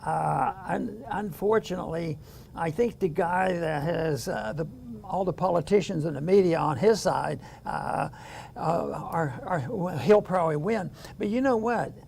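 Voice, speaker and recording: An older man talks in a high, gravelly voice, stopping and restarting his sentences with small chuckles. There is a faint hiss of background noise under the recording. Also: a little mellow. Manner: halting, many restarts, chuckling. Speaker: co-host. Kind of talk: casual political chat.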